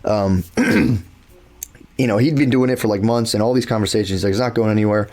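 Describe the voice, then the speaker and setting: This podcast co-host is a man who speaks at a moderate pace, his voice fairly low and a little mellow. His casual storytelling wanders, packed with swearing and filler words.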